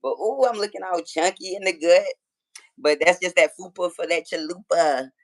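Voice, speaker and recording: A woman's voice: lowish voice, normal speed. Woman, Southern Georgia accent, 30s, casual livestream host, chatty, swears freely, phone mic. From Georgia, USA. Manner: chatty, profane, talks straight to her chat.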